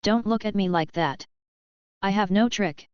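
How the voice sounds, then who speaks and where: A woman reading the lines of a calm, capable young male wizard, matter-of-fact and even. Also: mid-range voice, unhurried, smooth, no room sound, close to an everyday voice. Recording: dull lo-fi audio.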